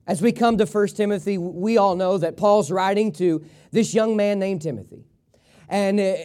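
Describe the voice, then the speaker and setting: A man preaching a sermon with a notably high voice for a man. He leans hard on repeated phrases, slows right down on key lines and lets them fall low at the end, calling the congregation to read along. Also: dark tone. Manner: emphatic preaching with repeated phrases and call-and-response reading; drawn-out slow emphasis on key lines, dropping low at phrase ends. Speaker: pastor.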